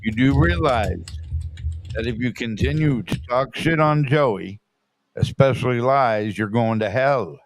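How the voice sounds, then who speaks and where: A man's voice: mid-range voice, measured pace, no echo. A man hosting a casual livestream, laid-back and profane, joking with his guest. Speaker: host.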